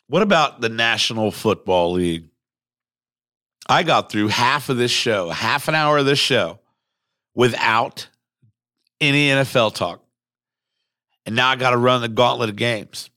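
A man hosting a sports podcast, talking casually in a rambling, excitable way with some swearing, recorded at a microphone. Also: medium pitch, no room sound, clean studio sound. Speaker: podcast host. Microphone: studio microphone.

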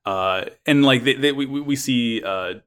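Casual podcast co-host, man, bright tone, rambling and profane. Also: medium pitch, normal speed. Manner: rambling, frequent swearing and restarts. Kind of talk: casual chat recapping an anime episode.

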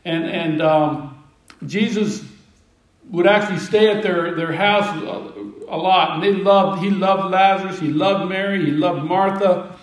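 A man preaching a sermon, retelling scripture as a lively story and acting out the disciples' lines with humor. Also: high-pitched, unhurried, roomy sound, recorded from a distance, poor audio. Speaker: pastor.

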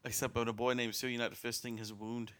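A man's voice: medium pitch, level tone, fairly quick, fairly bright tone, dry recording. A man co-hosting a podcast, cracking crude jokes in casual chat. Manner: crude jokes, frequent laughter. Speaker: podcast co-host.

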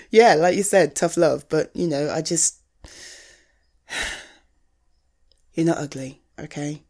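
A woman's voice: deep voice, animated, very slow, long pauses, a little mellow, exaggerated voice. A woman playing a blunt, caring best friend. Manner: blunt, swearing, frank tough love. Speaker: friend talking to the listener. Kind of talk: one-sided audio role-play.

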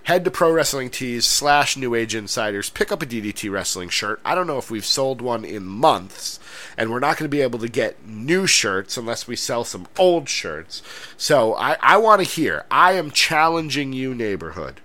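Bright-voiced man joking as a podcast host. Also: medium pitch, big pitch swings, moderate pace. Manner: joking, mock-exasperated. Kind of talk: casual chat.

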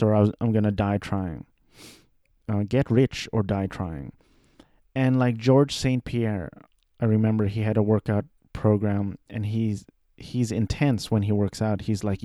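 A man in his thirties talking casually about his life, rambling and self-deprecating, with halting restarts. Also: on the low side, dark tone, dry recording, studio quality. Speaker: aspiring voice actor. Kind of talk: casual personal monologue.

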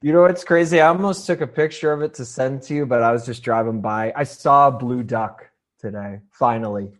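A man's voice: mid-range voice, fairly quick. A laid-back man from New England chatting as a podcast guest, laughing easily. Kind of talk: casual chat.

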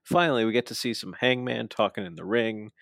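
A man co-hosting a podcast, casually recapping a wrestling show and mocking the wrestlers' lines in quick asides. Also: lowish voice, vocal fry, fairly bright tone, no room sound. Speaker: podcast co-host.

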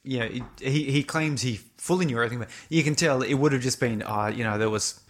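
A man in casual film-discussion chat, thoughtful and searching for words with halting repeats. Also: medium pitch.

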